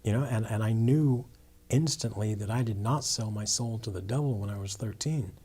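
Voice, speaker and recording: A man's voice: on the low side, moderate pace, warm tone, husky. A man, a guest in an interview, earnestly telling his conversion story with many restarts and "you know"s.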